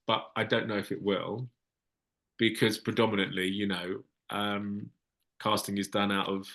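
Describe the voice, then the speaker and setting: A man's voice: on the low side, a bit bright. A man, a casting director answering questions frankly in a Q&A, often restarting his sentences. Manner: frank, hesitant, with many restarts. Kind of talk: Q&A advice session.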